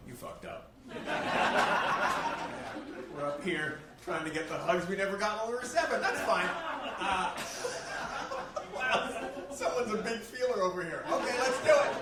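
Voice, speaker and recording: Animated man doing stand-up, roomy club. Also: high voice, very noisy. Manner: animated, self-mocking, swears freely. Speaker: stand-up comic. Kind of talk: stand-up comedy set. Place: comedy club stage. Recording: roomy live-club sound, mic heard from a distance. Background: audience laughter.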